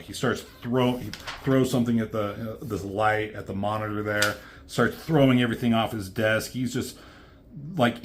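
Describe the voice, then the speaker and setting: A man's voice: on the low side, a little hiss or hum. A man who is a comic book reviewer, recapping a comic in a rambling, casual way, with lots of fillers and swearing.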